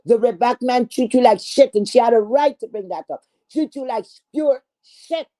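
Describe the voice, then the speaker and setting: Her fairly high, warm voice moves at a moderate pace as this online streamer launches an angry, profane callout rant. Scornful and confrontational, she often repeats herself and restarts in a stammer.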